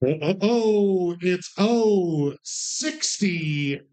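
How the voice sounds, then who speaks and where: A man calling bingo numbers, drawing each call out slowly and tossing in quick, playful joking asides. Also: high-pitched, lively intonation, darkish tone. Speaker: bingo caller.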